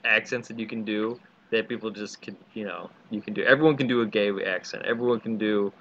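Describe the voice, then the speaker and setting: A man's voice: fairly low pitch, fairly even intonation, fairly quick, fairly bright tone, muffled recording. A man co-hosting a casual podcast chat, rambling through crude jokes with many fillers. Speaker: podcast co-host.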